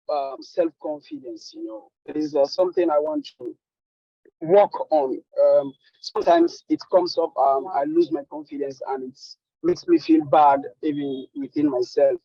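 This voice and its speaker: Hesitant man with a gravelly voice. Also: a little high, sing-song, unhurried, no room sound, highs cut off. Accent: West African English. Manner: hesitant, many fillers. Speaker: participant asking a question. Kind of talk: question in an online session.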